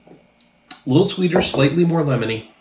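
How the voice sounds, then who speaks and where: A man's voice: on the high side, animated, brisk, a little mellow, echoey room. A man casually reviewing drinks on his channel, a little tipsy, talking loosely and profanely with lots of ums. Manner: loose, profane, rambling with many fillers.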